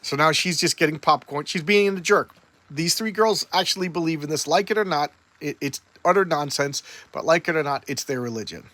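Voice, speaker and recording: A man's voice: a little high, a little fast, pushed and bright. A man casually retelling a comic book story in a loose, rambling way, with many fillers and restarts.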